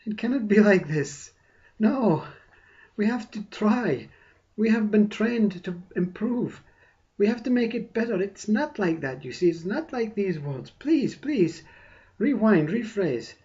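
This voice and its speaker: A man's voice: big pitch swings, measured pace, dark tone, highs cut off. A man voicing the ego mind as a fretful figure that protests and pleads. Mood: pleading. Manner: protesting, pleading, higher than his own voice.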